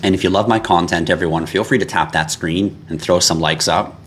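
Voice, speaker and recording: A man's voice: deep voice, brisk, slight background noise. A man hosting a live stream, reading out viewer questions and answering them bluntly, with lots of swearing. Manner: blunt and profane, gets irritated and animated. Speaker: livestream host. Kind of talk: casual livestream chat reading comments.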